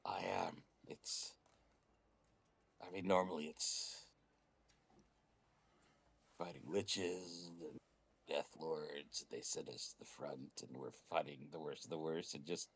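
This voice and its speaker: A man voicing a seasoned male warrior who talks in a relaxed, modest way. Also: very deep voice, slow pace, long pauses, breathy edge, exaggerated voice. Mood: reflective. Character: battle-hardened male warrior, bashful about praise.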